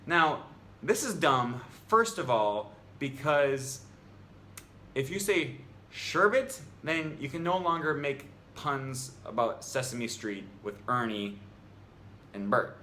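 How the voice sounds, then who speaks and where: A man's voice: medium pitch, expressive, slow, pushed and bright, a little hiss or hum. Young guy ranting on his language channel, exasperated, voice bouncing up and down a lot. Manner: exasperated, incredulous. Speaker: language vlogger. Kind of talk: opinionated vlog commentary.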